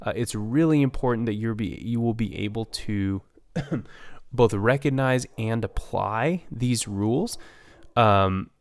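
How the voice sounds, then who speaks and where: A man teaching a recorded language lesson, explaining slowly with many fillers and restarts. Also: fairly low pitch, no room sound. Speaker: Hebrew teacher.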